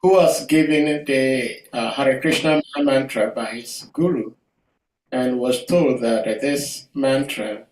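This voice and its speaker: A man in a class discussion speaks very slowly and haltingly, stopping often on "uh". He sounds far from the mic. The room adds a roomy echo. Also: medium pitch, slight background noise. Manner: slow and halting with many "uh" pauses. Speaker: class participant.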